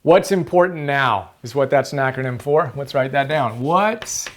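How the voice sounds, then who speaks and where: A man's voice: medium pitch, moderate pace, slight background noise. A man hosting a motivational book-summary video, earnest and emphatic, repeating key phrases for stress.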